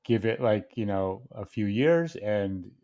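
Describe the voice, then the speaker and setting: A man's voice: fairly low pitch, expressive, takes it slowly, warm tone. A man on a podcast panel, rambling and hesitant, chiming in with jokes. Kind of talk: casual podcast banter.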